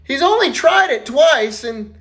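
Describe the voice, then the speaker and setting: Man voicing a confiding minister's wife, high and chatty. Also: expressive, a little slow, a bit bright, heavily acted.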